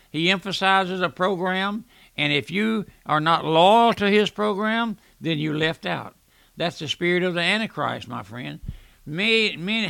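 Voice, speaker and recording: A man's voice: high-pitched, gravelly, sharp tone, no echo. An older man preaching a radio sermon, earnest, often restarting words and calling the listener "my friend".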